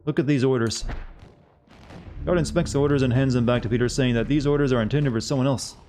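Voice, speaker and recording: A man streaming a game live, moving between reading on-screen text aloud and chatting loosely with his viewers. His voice sits at an ordinary middle pitch. A faint hum of background noise sits under it. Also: fast talker, warm tone. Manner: casual chat with viewers. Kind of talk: live-streamed gameplay commentary.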